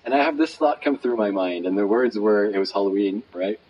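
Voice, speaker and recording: A man's voice: lowish voice, a little fast. Guy telling a story as a guest, acts out the quotes, lots of likes, kinda lo-fi. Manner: animated, acts out quotes, many fillers. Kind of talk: personal storytelling. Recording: dull recording with faint noise.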